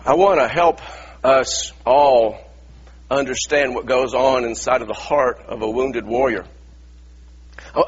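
A man's voice: medium pitch, husky, lo-fi sound. A male preacher delivering an impassioned sermon, retelling stories and voicing pleading sons. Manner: impassioned, acts out biblical voices.

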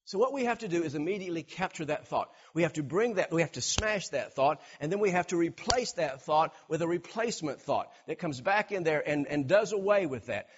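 A man preaching a sermon, animated, acting out everyday scenes and repeating words for emphasis. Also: on the high side, brisk, few pauses, dull audio, background noise. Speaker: pastor.

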